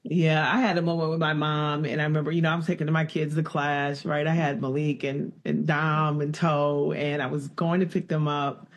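A man hosting a relaxed interview, his voice a touch high and full of gravelly fry. He talks in a folksy, expressive way and trades stories with his guest. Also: moderate pace, few pauses, lo-fi sound. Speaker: podcast host. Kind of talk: casual interview chat.

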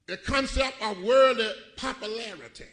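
A man preaching a sermon, telling a folksy story from his youth in an animated, laughing way to his congregation. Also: very high-pitched, normal speed. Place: church before a congregation. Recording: live church recording, audible congregation.

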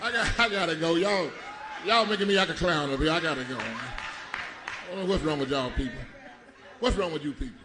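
A middle-aged man with a high voice delivers a storytelling sermon. He jumps between chuckling asides and shouted emphasis. A lively congregation fills the background. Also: brisk, crowd noise. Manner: animated, shouting and laughing with the congregation. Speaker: preacher. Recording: church congregation audible. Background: live congregation.

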